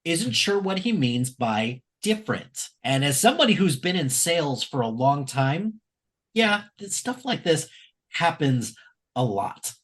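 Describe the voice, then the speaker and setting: A man's voice: a little high, sing-song, unhurried, a bit bright. A middle-aged man co-hosting a podcast, recapping an episode in a chatty way with frequent fillers. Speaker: podcast co-host.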